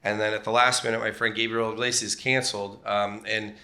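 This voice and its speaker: A middle-aged man, a comedian guest, tells rambling, self-deprecating stories on a comedy club stage, doing voices whenever he quotes someone. His voice sits fairly low, with a flat, fairly quick delivery and a sharp tone. It's on-stage comedic storytelling in an interview format.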